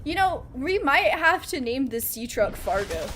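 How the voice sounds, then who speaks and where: Playful woman streamer, somewhat high voice. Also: sing-song, a little slow, a bit bright, slight background noise. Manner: playful, jokey, laughs often. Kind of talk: casual live gameplay chat. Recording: game sounds audible behind voice.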